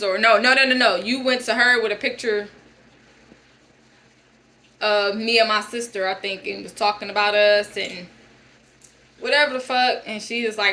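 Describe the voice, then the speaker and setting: A woman's voice: fairly high pitch, steady tone, a little fast, bright, forceful tone, low-quality recording. A young woman telling a story as a casual rant, blunt, profane and exasperated. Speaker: vlogger.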